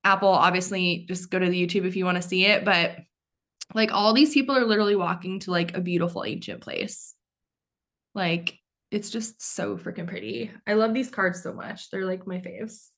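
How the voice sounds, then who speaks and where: A young adult woman hosting a podcast in casual chat, gushing and excitable, swearing casually as she talks. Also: mid-range voice. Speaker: podcast host.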